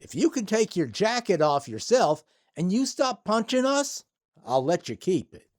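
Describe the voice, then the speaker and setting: A man's voice: sits high, big pitch swings, measured pace, pitched above the performer's own voice. A man putting on the voice of a worn-out Texan emergency medic with a Texan accent. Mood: exasperated. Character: weary adult male Texan EMT, gruff.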